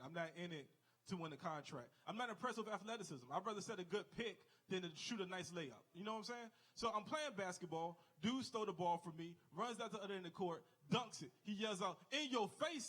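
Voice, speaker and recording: Guy doing stand-up at a comedy club, high voice, tells stories and does the voices of everyone in them. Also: a bit bright. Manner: storytelling, acts out people with exaggerated voices. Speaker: stand-up comic.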